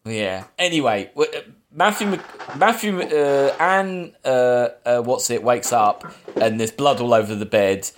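A man's voice: mid-range voice, lively intonation, unhurried, a little hiss or hum. A man, a podcast host casually recapping a film plot, rambling with fillers and restarts. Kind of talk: casual film review chat.

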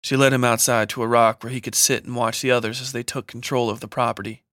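Bright-voiced man narrating horror. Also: medium pitch, no room sound, studio quality. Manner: steady, measured dramatic reading. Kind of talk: scripted horror story narration.

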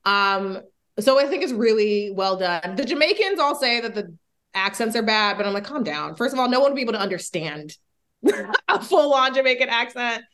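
A woman's voice: a little high, animated, moderate pace, fairly bright tone. A young woman, a comedy writer, chatting casually as a podcast guest, talking things through thoughtfully and laughing now and then. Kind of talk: casual chat.

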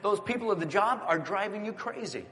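A middle-aged male pastor preaching with a fairly high voice that rings out through a large church sanctuary. He swings between energetic exclamations and hushed prayer. Soft music plays faintly behind him. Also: fairly quick, big-room sound. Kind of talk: sermon.

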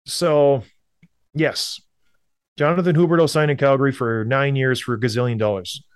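A man's voice: medium pitch, steady tone, moderate pace, clear, resonant tone, no echo, clean studio sound. A man from Canada, a show co-host, giving blunt, emphatic opinions in sports talk and repeating points for effect. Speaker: hockey podcast co-host.

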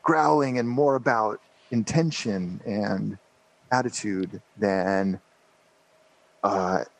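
A man's voice: lowish voice, takes it slowly, vocal fry, rough recording. A man in his fifties, a podcast guest, telling a rambling story with lots of fillers and restarts. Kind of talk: casual storytelling interview.

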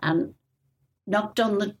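A woman's voice: mid-range voice, slow, slight background noise. An older woman from Liverpool, a retired nurse, telling stories from her training in a chatty, laughing way during an oral history interview.

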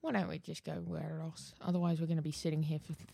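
Gravelly, excitable male podcast co-host. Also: a little high, fast. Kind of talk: casual chat.

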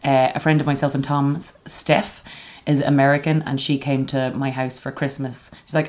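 Low pitched irish lady in her forties, chatty, acts out little quotes as she goes. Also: a little fast. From Ireland. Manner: animated storytelling, acts out quotes. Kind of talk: casual podcast chat.

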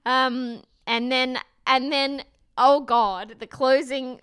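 A woman's voice: high-pitched, steady tone, slow pace, fairly bright tone, clean tone, no echo, clean studio sound. A woman co-hosting a casual show recap, gushing and laughing often. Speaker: podcast co-host.

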